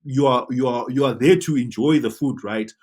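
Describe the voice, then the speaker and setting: A man teaching web design in a tutorial, coaching viewers in an animated way and often asking "right?". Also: mid-range voice, normal speed, breathy edge. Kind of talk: tutorial talk to camera.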